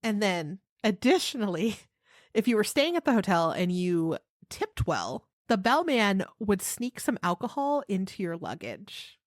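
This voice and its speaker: A woman co-hosting a podcast in casual chat, giggly and expressive, often laughing as she talks. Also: medium pitch, measured pace, no echo, clean studio sound. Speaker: podcast co-host.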